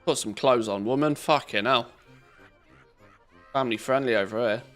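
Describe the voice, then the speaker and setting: A man with a mid-pitched voice chats and jokes while streaming a game, swearing casually and rambling between moves. Faint music plays under his voice. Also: moderate pace, a bit bright. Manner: joking, swearing, loose chatter while playing. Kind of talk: casual live-stream commentary.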